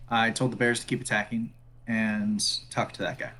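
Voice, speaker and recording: A man playing a tabletop game, calmly reading out rolls and stating his moves. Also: on the low side, normal speed. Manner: matter-of-fact, reading out rolls. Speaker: player. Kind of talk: casual tabletop game talk.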